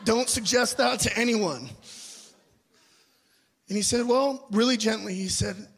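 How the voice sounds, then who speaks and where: A man's voice: very high voice, a little slow, gravelly, a bit bright. A young adult man preaching a sermon, telling a personal story earnestly and asking the audience questions. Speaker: pastor.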